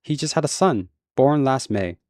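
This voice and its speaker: A man reading aloud puts on a pudgy young deputy, nervous and star-struck, his voice lifting higher than the narrator's. He sounds eager and deferential, trembling as he speaks, in a dry, close audiobook reading. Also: animated, normal speed, a little mellow, no room sound, lightly acted. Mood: awed, apologetic.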